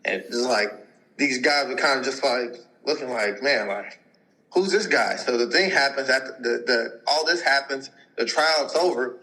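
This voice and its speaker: As a podcast guest, a man in his twenties who is a pro football player rambles through a long personal story, acting out other people's quotes and using lots of filler words. His voice is medium-pitched and sharp at a normal speed, and the audio is poor.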